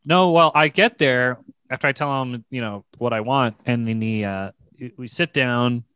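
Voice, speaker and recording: A man's voice: mid-range voice, moderate pace, a bit bright, clear, resonant tone, dry recording. A man in casual comedic chat, telling a rambling story with frequent laughs and restarts.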